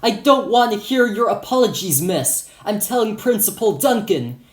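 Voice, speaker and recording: A man's voice: high-pitched, lively intonation, a little slow, roomy sound, voice pushed up. A man voicing an angry male campus security guard who scolds with a thick Hispanic accent. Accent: Hispanic-accented English. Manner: shouting, scolding.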